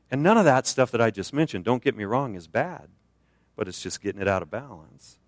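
A man with an American accent preaching a conversational sermon in a church, swinging up high for emphasis and dropping low for quiet points. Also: no room sound, studio quality. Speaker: guest preacher.

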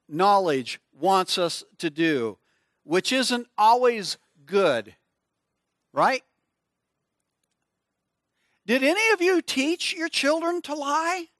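A middle-aged man preaching, telling a personal story in an animated way and acting out screams and small voices. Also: very high voice, no echo, studio quality. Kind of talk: storytelling sermon.

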